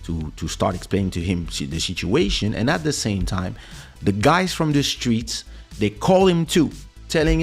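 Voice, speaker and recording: A man hosting a podcast, telling a story in a casual way and acting out what people said with big jumps in pitch. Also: moderate pace, vocal fry, slightly rough, faint music behind. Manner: animated, acts out quoted speech with big pitch jumps. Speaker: podcast host. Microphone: studio microphone.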